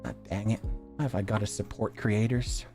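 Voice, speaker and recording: A man's voice: lowish voice, steady tone, normal speed, a little mellow, faint music behind. A man talking casually to his chat on a live stream, reacting to videos and laughing often.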